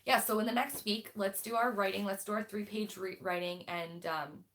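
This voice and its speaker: A woman's voice: mid-range voice, steady tone, normal speed, few pauses, a bit bright. Chatty, blunt young woman host. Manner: chatty and blunt, many fillers and restarts. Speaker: book club host. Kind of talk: casual livestream chat.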